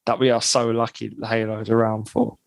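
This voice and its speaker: A man's voice: lowish voice, completely flat delivery, a little fast, vocal fry, no echo, rough recording. Thoughtful podcast co-host man. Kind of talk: casual chat.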